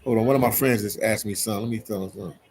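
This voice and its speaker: A lowish, slightly mellow male voice rattles off viewer comments rapid-fire during a casual live stream. The host is from Philadelphia, stays laid-back, and keeps saying "man."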